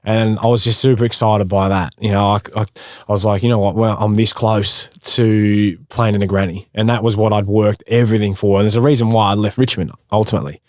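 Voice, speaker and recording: Australian man, low voice, dry sound. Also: level tone, a little fast, dry recording. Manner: matey, laughing, acts out quotes. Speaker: guest, former footballer. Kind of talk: casual storytelling interview.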